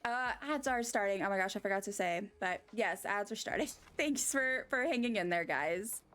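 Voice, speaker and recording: A woman streaming a game, chatting casually with her viewers and getting excited over her wins. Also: mid-range voice, normal speed. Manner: chatty and excitable, squealing with delight. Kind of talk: casual live-stream chat while gaming.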